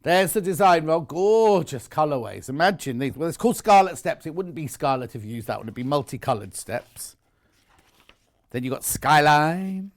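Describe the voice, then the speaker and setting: A man's voice: a little high, lively intonation, moderate pace. A middle-aged man presenting products live on a home shopping channel, chatty, enthusiastic and jokey about himself.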